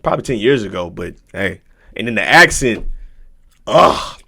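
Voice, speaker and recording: A man's voice: lowish voice, very animated, normal speed, gravelly, bright, forceful tone, breathy edge. A man streamer reacting live to videos, talking in a loose, slangy and profane way with frequent asides to his viewers.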